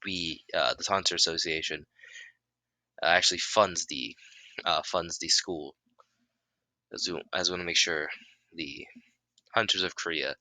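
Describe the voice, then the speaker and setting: A formal, probing chairman, played by a man in a deep, low voice with a bright, forceful edge. The delivery is halting and improvised. The recording is dry and close. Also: no echo, heavily acted. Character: official male association chairman, formal and probing.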